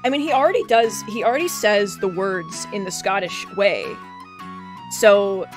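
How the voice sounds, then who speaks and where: Brief: woman streamer-GM, animated, self-deprecating, casual. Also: medium pitch, moderate pace, soft background music. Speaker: streamer and game master. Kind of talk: casual chat.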